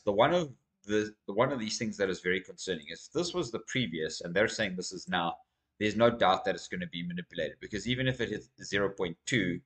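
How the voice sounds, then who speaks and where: A man from Africa, hosting his own crypto channel and talking casually through market data in an energetic, rambling way. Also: low-pitched. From South Africa. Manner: energetic, rambling, addresses viewers as guys. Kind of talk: casual market commentary to camera.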